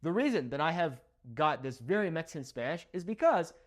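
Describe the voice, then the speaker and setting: With a fairly high voice that swings widely in pitch and moves a little fast, a young Southern Californian man, a native English speaker, gives a Spanish lesson. He checks in with "okay?" after almost every point.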